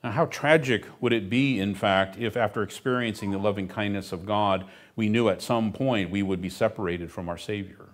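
A man's voice: on the low side, moderate pace, few pauses. Emphatic male pastor preaching. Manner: emphatic, with dry asides. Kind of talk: sermon.

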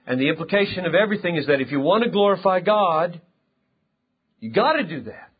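A male pastor preaching a sermon, emphatic and impassioned, swinging between loud and quiet. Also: high voice, sing-song, a little fast, slightly rough. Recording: dull lo-fi sound.

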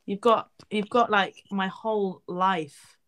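A young woman from the UK chatting casually on a livestream, reading viewers' questions aloud and answering with loud exclamations now and then. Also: mid-range voice, takes it slowly. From United Kingdom. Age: teens. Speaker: livestream host.

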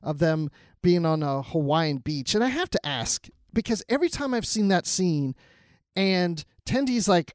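A man co-hosting a podcast, chatting casually and excitedly, often laughing. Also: on the high side, moderate pace, no echo, studio quality. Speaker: podcast co-host. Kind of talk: casual review chat.

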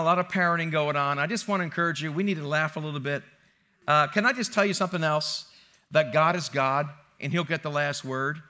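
A man's voice: a little high, sharp tone. A male pastor preaching a sermon in a church, chatty and playful, joking with the congregation. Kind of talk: sermon with a joke. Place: church sanctuary.

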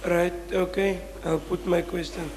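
A man's voice: high-pitched, level tone, measured pace, darkish tone. A man from the audience at a lecture, eager to make his point but giving way when he is stopped. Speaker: audience member asking a question. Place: large lecture hall. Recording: reverberant hall with faint hum.

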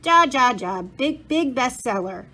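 A woman's voice: sits high, animated, unhurried, bright, forceful tone, exaggerated voice. A woman voicing an old German printer's hologram with a German accent, courtly and boastful in a storybook read-aloud. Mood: proud. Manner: grand, courtly and eager to help.

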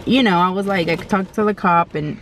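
Woman telling a lively storytime vlog. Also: fairly low pitch, a little fast, a little hiss or hum. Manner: animated, blunt storytelling with slang and mild swearing; acts out quoted lines in a raised, exclaiming voice. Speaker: vlogger. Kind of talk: casual storytime while eating.

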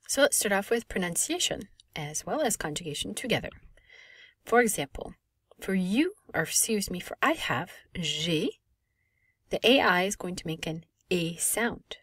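A woman in her thirties, a French teacher, explaining a lesson clearly and patiently with lively emphasis. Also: medium pitch, normal speed, no room sound, studio quality. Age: 30s. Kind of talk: recorded language lesson.

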